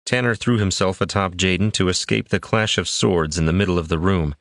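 Deep-voiced male storyteller. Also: brisk, fairly bright tone, no room sound, studio quality. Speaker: audiobook narrator. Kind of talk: scripted fantasy narration.

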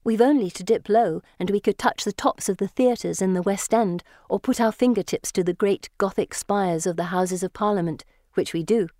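A woman narrates a first-person storybook in a measured, lyrical way, with a voice of middle pitch. The recording is dry and close, with no room echo. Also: dark tone. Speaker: audiobook narrator.

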